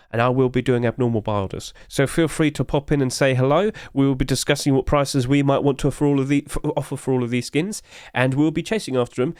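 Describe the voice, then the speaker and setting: A man hosting a casual game skin review video, talking in a hurried, rapid-fire way and out of breath. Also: mid-range voice, darkish tone, clear, resonant tone, no room sound, clean studio sound. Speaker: YouTube host.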